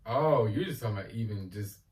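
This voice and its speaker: A chatty man in a casual talk, chiming in often with a lively, varied pitch. The room echoes around him and he sits a little away from the mic. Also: fast talker. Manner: chatty, chimes in with agreement and asides. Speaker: podcast co-host. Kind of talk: casual discussion. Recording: roomy echo, mic at a distance.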